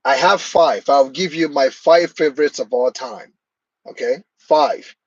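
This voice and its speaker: A man's voice: a little high, measured pace, husky, no echo, muffled recording. A man hosting a live stream, chatting casually and answering viewers' comments by name.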